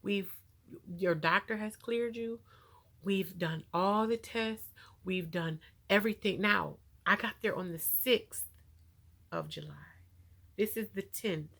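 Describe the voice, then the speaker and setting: An animated woman tells her story casually, laughing often and at times turning emotional. Her voice has a gravelly, creaky edge. She speaks with features. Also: mid-range voice, slow pace. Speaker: vlogger telling her own story.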